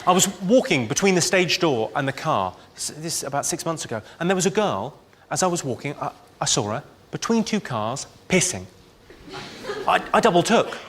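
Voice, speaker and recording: A man performing a stand-up comedy set in deadpan one-liners, with clipped delivery. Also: a little high, normal speed. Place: large venue with live audience. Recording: live show with loud crowd laughter and noise.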